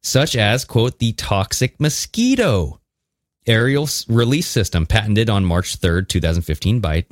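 A man with a lowish voice co-hosts a podcast, talking in a lively, conspiratorial way and cutting in with jokes as he reads from articles. He is recorded close and dry, with no room sound. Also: measured pace, dry recording. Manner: animated, conspiratorial, mixes reading with jokes. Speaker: podcast co-host. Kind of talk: casual chat.

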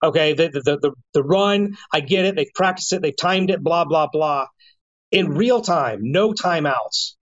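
A man co-hosting a sports podcast, delivering deliberate, punchy one-liners. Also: on the high side, expressive, no echo, dull audio. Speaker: podcast co-host. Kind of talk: casual sports talk.

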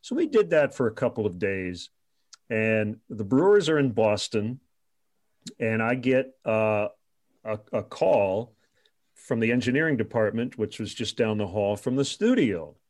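A middle-aged man, a radio sportscaster, telling animated anecdotes in casual conversation, with laughing asides and filler pauses. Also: lowish voice. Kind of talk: casual storytelling.

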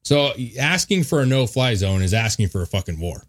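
A man's voice: fairly low pitch, big pitch swings, a little fast. A man co-hosting a podcast, talking bluntly and profanely in a loose, rambling way. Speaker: podcast co-host. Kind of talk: casual podcast chat.

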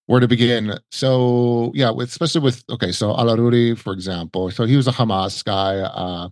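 A man's voice: medium pitch, steady tone, brisk, darkish tone, dry recording. A man as a podcast guest, chatting casually and rambling with many restarts. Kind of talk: casual conversational storytelling.

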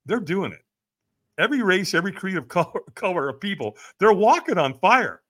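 Brisk and animated, a middle-aged man telling a story on a podcast uses a high, bright, forceful voice whose pitch swings widely as he plays the people in it. The guest, a personal development coach, keeps the listener hooked with frequent "right?".

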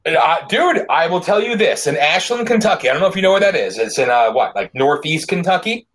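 A man's voice: fairly high pitch, animated, a little fast, a bit bright. A man hosting a casual podcast chat in a joking, loose way, swearing freely. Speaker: podcast host.

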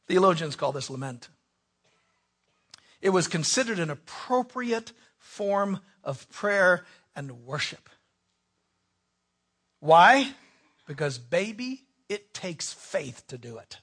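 A man preaching a sermon, reading scripture dramatically, swinging from hushed asides to shouted pleas. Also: high-pitched, sing-song, takes it slowly, long pauses, breathy edge.

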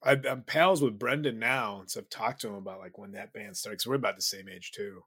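A comedian from the Chicago suburbs, chatting as a podcast guest in a rambling, laughing, self-deprecating way. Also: male voice, lowish voice, fairly quick, fairly bright tone, slightly rough, no echo, clean studio sound. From Chicago suburbs, USA. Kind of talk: casual storytelling chat.

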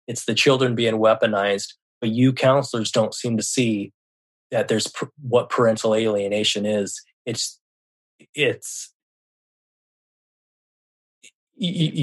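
A man's voice: on the low side, fairly even intonation, unhurried, husky. A man from Seattle telling a personal story as a podcast guest, retelling conversations with frequent restarts and occasional swearing. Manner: emotional retelling with frequent restarts, quotes himself and others; swears when upset. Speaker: podcast guest, left-behind parent.

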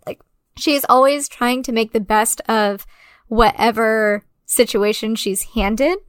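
A woman co-hosting a casual film discussion, chatty and full of fillers and quick asides. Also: fairly high pitch, clean tone, no echo. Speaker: podcast co-host.

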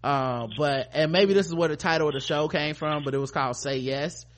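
Profane podcast host doing a recap. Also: male voice, a little high, steady tone, fairly quick. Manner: loose and profane, mimicking characters in quotes. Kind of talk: casual chat recapping a TV episode.

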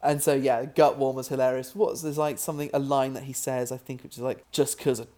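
British film guest, mid-pitched man, halting and amused. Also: little pitch movement, warm tone. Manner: halting, many restarts, amused. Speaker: filmmaker guest. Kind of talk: casual podcast interview.

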